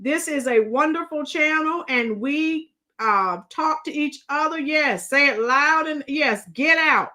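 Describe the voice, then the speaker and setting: A middle-aged woman with a high, bright voice hosts a casual livestream. She chats with her viewers and greets them as they arrive. Her voice is a little strained from shouting earlier. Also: measured pace, few pauses. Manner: chatty, greets commenters, breaks into song. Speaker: livestream host.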